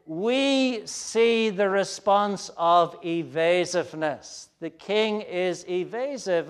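Man, preacher, sermon, high-pitched, smooth clear voice, earnest, halting with fillers. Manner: earnest expository preaching, frequent uh fillers, addresses children.

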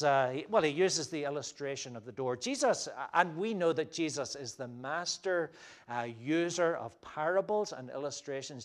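A man giving a conversational sermon as pastor, with frequent fillers and restarts and emphatic quotes of scripture. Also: on the high side. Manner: emphatic when quoting scripture.

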